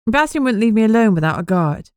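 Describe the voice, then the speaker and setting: Audiobook role: a woman playing a guarded young woman, raised pitch, emotional. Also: big pitch swings, fast, a little mellow, clear, resonant tone, dry recording, studio quality. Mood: anxious. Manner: strained, high, emotional delivery. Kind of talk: audiobook character voice.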